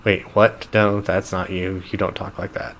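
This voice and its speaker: Low-voiced man streaming a game. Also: flat delivery, moderate pace, a bit bright, slight background noise. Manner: reads game text aloud, chuckling asides. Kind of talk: live gameplay commentary.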